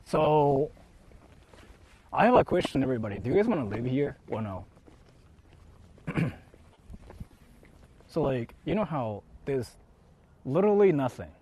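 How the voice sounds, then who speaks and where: A man's voice: medium pitch, sing-song, a little slow, long pauses, mellow, husky. A young man walking around outdoors and chatting loosely with his live-stream viewers, filling his talk with "like" and restarts. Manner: loose, rambling, heavy on "like" fillers.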